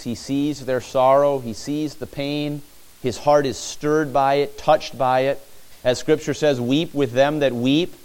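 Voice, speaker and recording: A man's voice: medium pitch, darkish tone, smooth. A man preaching a sermon, retelling a scripture story vividly, asking listeners to picture the scene and repeating phrases for emphasis.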